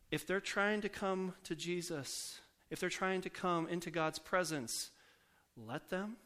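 Man preaching a conversational sermon. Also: on the high side. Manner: conversational, asks the congregation questions; slows down and softens for scripture quotes.

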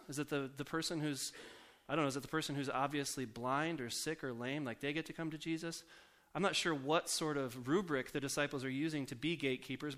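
Man preaching a conversational sermon. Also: mid-range voice. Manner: conversational, asks the congregation questions; slows down and softens for scripture quotes.

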